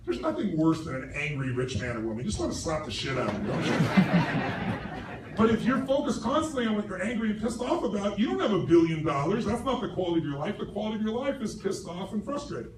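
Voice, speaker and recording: A middle-aged man giving a live seminar speech to a large audience, forceful and profane, asking the crowd questions. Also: sits high, very animated, fast talker. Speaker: motivational speaker. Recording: roomy stage recording from far off, noisy.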